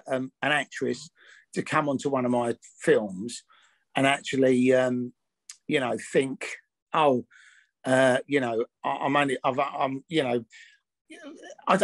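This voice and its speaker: A man with a medium-pitched voice, recorded with no echo, tells stories in a candid interview. He's an actor and film producer, and he comes across blunt and rambling, full of restarts and fillers.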